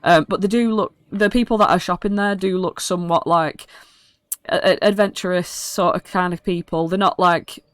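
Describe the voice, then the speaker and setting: A woman's voice: lowish voice, steady tone, moderate pace, clean tone, no room sound. Rambling British woman running the game. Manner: casual, rambling with fillers, swears. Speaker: dungeon master. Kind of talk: narrating a tabletop game.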